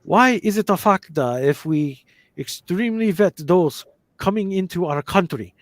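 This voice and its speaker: A man voicing a male Japanese official with a put-on Japanese accent, speaking slowly and stiffly. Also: sits high, lively intonation, dry recording, pitched above the performer's own voice. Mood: stern.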